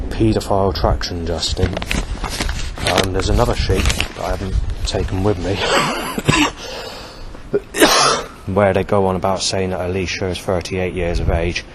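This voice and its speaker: Man in his forties, deep low voice, halting and rambling, heavy traffic noise outside. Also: steady tone. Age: 40s. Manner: halting, many fillers and restarts. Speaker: vlogger. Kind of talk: rambling monologue reading from notes. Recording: loud outdoor traffic noise.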